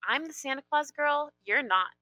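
A young woman co-hosting a casual chat, teasing and quick to question. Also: high voice, animated, sharp tone, dry recording, rough recording. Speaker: co-host.

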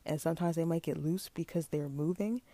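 A woman's voice: low-pitched, brisk, mellow, dry recording. Woman doing her firm no-nonsense mom. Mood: firm reassuring. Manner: firm, scolding reassurance. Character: calm, no-nonsense middle-aged mother.

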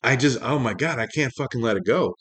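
A man's voice: medium pitch, animated, brisk, a bit bright. A man ranting casually in a monologue, exasperated and profane, rambling with many fillers.

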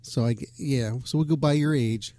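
On a rock radio show, a male host chats casually, swearing and tossing in loose jokes and asides as he rambles. His voice is medium-pitched and warm, delivered at a moderate pace in a dry recording.

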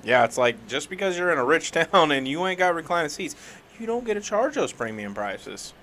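A man's voice: on the high side, very animated, fairly quick, sharp tone, slight background noise. A man co-hosting a podcast in a laid-back way, laughing and saying "like" a lot. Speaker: podcast co-host. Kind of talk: casual chat.

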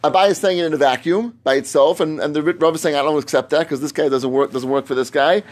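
A man's voice: fairly high pitch, fast. A man teaching a Talmud class, reasoning aloud with emphatic, repeated phrases and fielding students' questions. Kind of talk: Talmud study lecture.

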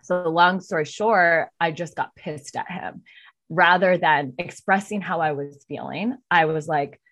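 Candid woman guest, emotional and blunt, swears, climbs high when worked up. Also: a little slow, fairly bright tone. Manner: emotional, swears freely, rises sharply when heated. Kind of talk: candid personal storytelling.

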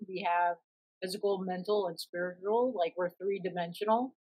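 A woman in her thirties in casual conversation, telling stories in an animated way and often laughing. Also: medium pitch, normal speed, rough recording.

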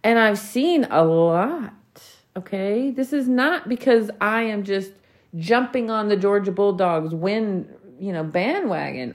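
Lady in her 40s ranting on her podcast, cussing a lot, real heated and blunt. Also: medium pitch. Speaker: podcast host. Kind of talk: solo podcast rant.

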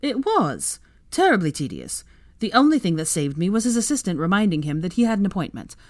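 A woman's voice: sits low, animated, fairly quick, no room sound. A woman voicing an irreverent, teasing young wizard in a fan-fiction audiobook, dry and wry.

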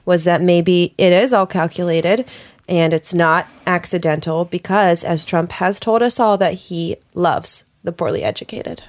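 A woman's voice: lowish voice, measured pace, dry recording. Playful teasing woman podcaster. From Pittsburgh. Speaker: podcast co-host. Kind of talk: casual chat.

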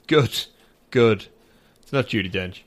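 A man's voice: lowish voice, slow pace. A man co-hosting a casual chat show, opinionated and wry. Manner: opinionated, wry, slips into playful impressions. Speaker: podcast co-host.

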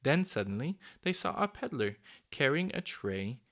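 A man reading a children's story aloud, steady with small slips and restarts. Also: medium pitch, moderate pace. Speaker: narrator.

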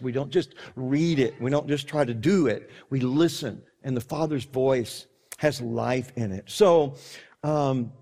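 A man's voice: mid-range voice, mellow. A man preaching a sermon in an earnest, conversational way, often restarting his sentences.

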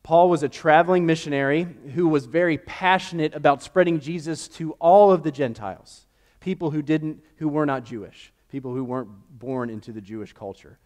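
A man's voice: on the high side, brisk. Young man preaching a chatty sermon. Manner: conversational, animated storytelling with acted-out quotes. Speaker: pastor. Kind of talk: sermon with personal storytelling.

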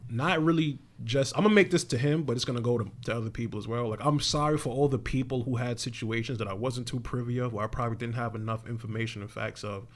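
A man's voice: mid-range voice, fast talker, hardly any pauses. A young man co-hosting a podcast, talking in a laid-back, slangy way with lots of fillers. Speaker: podcast co-host. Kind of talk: casual chat.

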